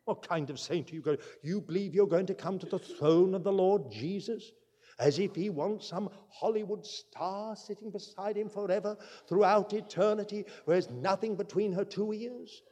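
A man preaching a sermon, earnest and emphatic, swinging between loud declarations and quiet asides. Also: high-pitched, moderate pace. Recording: long reverb from a large hall.

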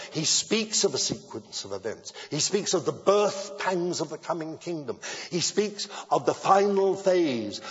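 A man preaching a sermon in a measured style that builds to emphatic declarations. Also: a little high, slightly rough. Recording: dull lo-fi sound with long hall reverb.

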